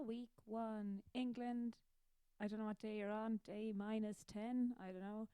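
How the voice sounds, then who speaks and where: A woman's voice: fairly high pitch, unhurried, dark tone, clear, resonant tone, no room sound. An Irish woman, a musician hosting her own show, chatting casually in a rambling, self-mocking way. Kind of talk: casual chat.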